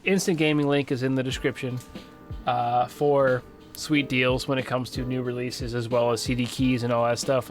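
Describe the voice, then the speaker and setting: A man's voice: medium pitch, normal speed, soft background music. A man co-hosting a gaming podcast, chatting loosely with lots of fillers and restarts. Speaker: podcast co-host. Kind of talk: casual chat.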